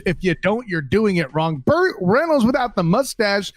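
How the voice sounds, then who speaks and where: A man's voice: high voice, very animated, normal speed, no room sound. A man co-hosting a casual chat, blunt and rambling, swearing for emphasis. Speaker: podcast co-host.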